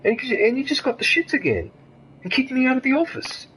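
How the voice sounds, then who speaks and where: A man's voice: extremely high pitch, very animated, fairly quick, pushed and bright, slight background noise, poor audio. An Australian man streaming a game and ranting angrily, with lots of swearing and rhetorical questions. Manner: angry, profane, ranting. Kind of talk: ranting commentary over gameplay.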